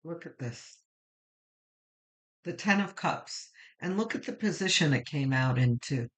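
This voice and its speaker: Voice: medium pitch, animated, unhurried, a bit bright. A tarot reader giving a weekly reading to viewers, reflective and rambling, with many fillers and restarts, and emotional, moved near tears.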